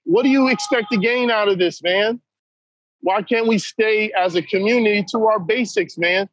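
A man's voice: sits high, moderate pace, a bit bright, dry recording, lo-fi sound. A man talking as a podcast guest, blunt and emphatic, who keeps saying "man" as he talks. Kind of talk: candid conversation.

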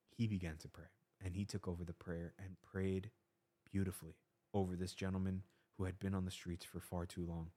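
A man's voice: sits low, a little mellow. A young man hosting a faith podcast, earnestly recounting a personal testimony with retold dialogue. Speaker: podcast host.

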